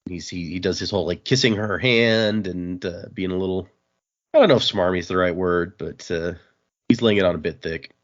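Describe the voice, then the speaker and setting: Man, low voice, casual podcast plot recap, quick character asides, dull muffled audio. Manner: summarizes plot, briefly voicing characters in quotes. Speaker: podcast host recapping a comic. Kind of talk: casual chat.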